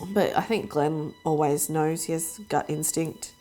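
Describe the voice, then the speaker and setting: A woman's voice: deep voice, a little slow, dark tone, faint music behind. A woman from the film crew, chatting about auditions in a documentary interview with lots of "like" and "um". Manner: chatty, uses many fillers. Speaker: crew member on casting.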